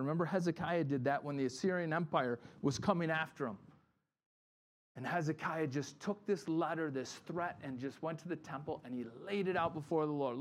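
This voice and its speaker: A man's voice: fairly high pitch, fairly quick. A middle-aged man, a pastor, giving a conversational sermon and acting out the people in his stories. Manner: animated storytelling, acts out quotes.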